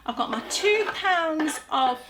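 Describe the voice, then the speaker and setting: A woman's voice: high-pitched, animated, slow. A middle-aged woman chatting casually while demonstrating a recipe in her kitchen, joking about herself as she works. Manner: chatty, self-mocking, talks while working. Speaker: gardening vlogger. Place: home kitchen. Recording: audible background noise.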